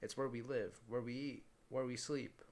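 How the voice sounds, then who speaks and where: A man reading as a gruff young leader. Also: medium pitch, steady tone, normal speed, darkish tone, close to an everyday voice. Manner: rough slangy speech. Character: gruff blunt young male group leader.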